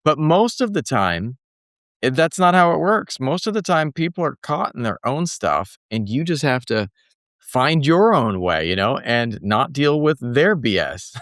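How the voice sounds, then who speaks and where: A podcast host conducts a conversational interview, laid-back and laughing often as he retells everyday moments. His mid-range voice swings widely in pitch, with a measured pace and a fairly bright tone. The sound is clean studio quality with no echo.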